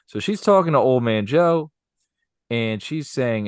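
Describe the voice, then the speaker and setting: A man casually telling a story on a podcast, animated and acting out the voices of the people in it. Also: medium pitch, normal speed, smooth, dry recording, clean studio sound.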